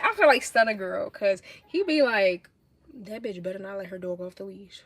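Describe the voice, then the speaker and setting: A young woman with a New York accent, livestreaming and telling blunt, animated stories in casual chat. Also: fairly high pitch, normal speed, slightly rough, dry recording. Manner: blunt, animated, swears a lot.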